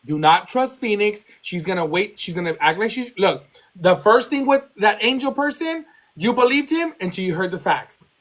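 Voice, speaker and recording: A woman's voice: mid-range voice, lively intonation, moderate pace. Defensive woman running a live call. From Texas. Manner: defensive, repetitive, keeps talking over the other person. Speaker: live stream host. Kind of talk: heated argument on a live call.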